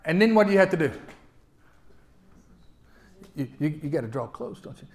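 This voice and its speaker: Folksy preacher man, high voice. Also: animated, normal speed. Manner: folksy preaching with big swings from loud to hushed; repeats words when starting sentences. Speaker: pastor. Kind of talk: sermon.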